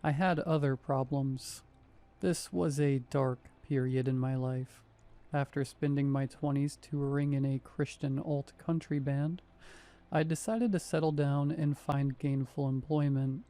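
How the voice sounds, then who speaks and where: A man's voice: medium pitch, fairly even intonation, unhurried, warm tone. A man in his thirties reading a first-person horror story in a wry, conversational way. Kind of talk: first-person scripted narration.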